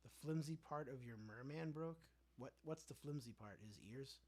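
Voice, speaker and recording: A man's voice: medium pitch, moderate pace. A man hosting a casual livestream, answering viewer comments in a sarcastic, rambling way. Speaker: livestream host.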